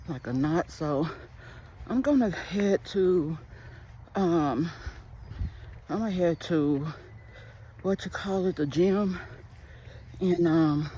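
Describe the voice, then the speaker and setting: A woman's voice: lowish voice, slow, long pauses, dark tone, a little hiss or hum, poor audio. A woman chatting casually to her phone camera in a day-in-the-life vlog, rambling from one thought to the next. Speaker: vlogger and small business owner.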